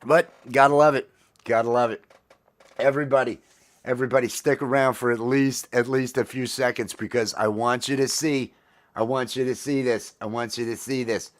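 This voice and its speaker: A man's voice: medium pitch, flat delivery, fairly quick. A middle-aged man hosting a casual morning coffee livestream, rambling and self-deprecating with lots of fillers. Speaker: livestream host.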